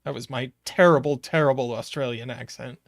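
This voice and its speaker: A man's voice: mid-range voice, fairly quick, vocal fry, no echo, studio quality. A man hosting a live puzzle stream, joking with his chat and thinking aloud while he solves.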